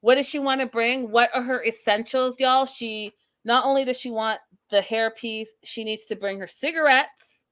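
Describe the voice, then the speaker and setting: Sassy woman host with a slightly high voice. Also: steady tone, moderate pace, a bit bright. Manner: blunt, sassy, profane. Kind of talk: casual recap commentary.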